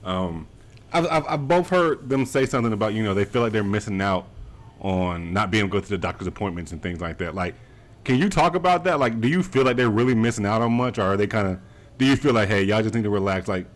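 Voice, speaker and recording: A man's voice: on the low side, fast talker. A man co-hosting a casual podcast, joking and laughing easily with his friends. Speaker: podcast co-host.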